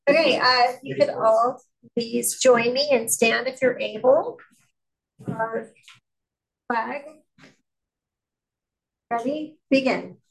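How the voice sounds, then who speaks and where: A woman runs a committee meeting, her voice sitting a little high. She speaks plainly, with small hesitations, as she moves through the agenda. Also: takes it slowly, vocal fry, long pauses, rough recording. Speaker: committee chair. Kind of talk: running a public meeting.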